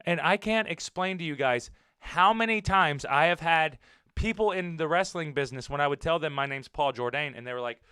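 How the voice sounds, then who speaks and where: An American man talking off the cuff on his wrestling podcast, pushing his words out with a bright, forceful edge. His voice sits a little high and sounds smooth and resonant, and the sound is dry and close. He is blunt, swears freely, and circles back to repeat his points. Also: a little fast, no room sound. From United States. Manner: animated and blunt, swears, repeats himself for emphasis. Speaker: podcast host and professional wrestler. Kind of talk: casual wrestling commentary podcast.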